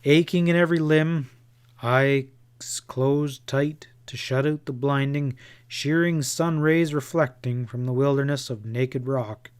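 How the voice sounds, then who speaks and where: A man narrating a western novel as an audiobook in a measured, unhurried storytelling manner. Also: medium pitch, clear, resonant tone.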